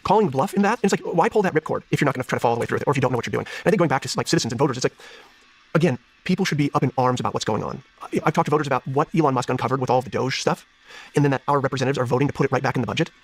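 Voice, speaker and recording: Male candidate, 30s, earnest and searching, quick delivery, slightly husky tone. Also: medium pitch. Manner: earnest, searching, many restarts. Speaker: political candidate, guest. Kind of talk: interview conversation.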